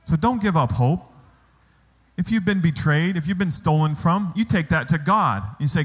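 A man with a fairly high, animated voice preaches at normal speed as a church pastor. He asks the congregation rhetorical questions, and the recording carries the long reverb of a church hall.

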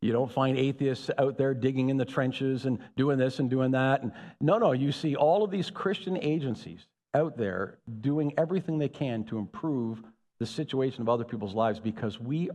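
A man preaching a sermon, calling out to the congregation to ask for their agreement. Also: medium pitch. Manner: animated, calls out to the congregation. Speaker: pastor. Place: church. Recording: echoey hall.

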